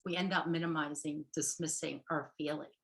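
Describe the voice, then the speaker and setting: A woman's voice: sits low, fairly even intonation, fairly quick, creaky, a bit bright, roomy sound, rough recording. A middle-aged woman therapist giving a casual workshop talk. She chats along, laughs often and keeps checking in with "right?" and "okay".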